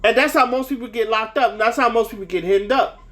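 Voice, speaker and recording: A man's voice: very high-pitched, quick pace, a bit bright. A young man telling a story in a casual, rambling way, swearing freely and sounding heated. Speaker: vlogger.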